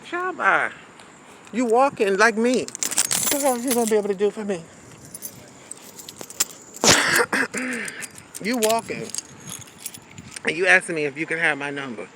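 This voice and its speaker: A woman's voice: mid-range voice, animated, measured pace, pauses often, background noise. A woman telling a candid, sassy storytime in a casual vlog, recorded outdoors on a city street with a handheld phone. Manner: candid, sassy, says "honey" and "baby". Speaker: vlogger.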